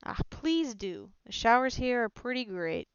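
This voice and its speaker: A woman's voice: fairly high pitch, sing-song, a little slow, clean tone, no echo, lo-fi sound. A woman in tabletop role-play, speaking cheerfully in character as a ship's captain. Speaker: player as ship captain.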